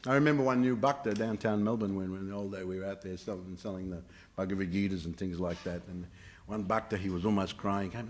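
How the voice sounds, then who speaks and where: A man's voice: sits low, steady tone, fast, a little hiss or hum. Storytelling male teacher of a morning class. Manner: storytelling, many hesitations. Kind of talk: scripture class with told stories. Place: temple class room.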